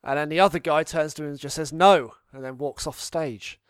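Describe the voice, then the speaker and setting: Man co-host, rambling storyteller, high voice, dry close sound. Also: fairly even intonation, fast talker, smooth, no echo. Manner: rambling, laughs at his own stories. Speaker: podcast co-host. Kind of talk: casual anecdote telling.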